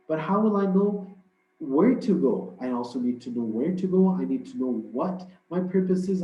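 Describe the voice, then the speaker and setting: A man giving a religious lecture in a conversational, storytelling way, with frequent fillers and restarts. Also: fairly high pitch. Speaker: religious speaker. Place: religious hall. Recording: roomy, dull lo-fi hall recording.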